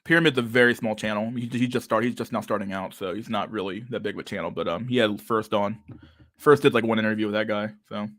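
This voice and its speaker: A man's voice: on the low side, fairly even intonation, fast talker, a bit bright, dry recording, studio quality. A young man hosting a casual livestream chat, talking with a lisp and a stutter and many fillers as he reads out chat messages. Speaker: livestream host reading chat.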